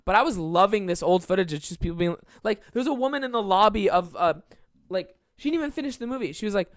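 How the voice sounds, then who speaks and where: A podcast host talking through a casual comedic monologue, rambling and swearing freely, with lots of fillers and asides. Now and then the host slips into quick put-on voices to act out other people. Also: medium pitch, expressive, no room sound, studio quality. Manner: acts out quoted people in shifting voices.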